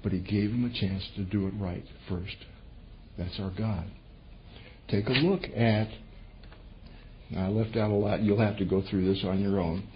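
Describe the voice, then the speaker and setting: A man preaching a sermon, telling a scripture story with lively, animated delivery and voicing the characters' words. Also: measured pace, long pauses. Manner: animated storytelling, voices quotes with sudden pitch jumps. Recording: dull lo-fi recording with faint noise.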